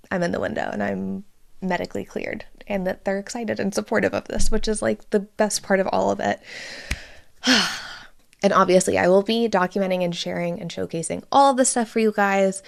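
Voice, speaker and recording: Gravelly-voiced young woman podcast host. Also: medium pitch. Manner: chatty, candid, swears freely. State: emotional, close to tears. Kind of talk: casual solo podcast update.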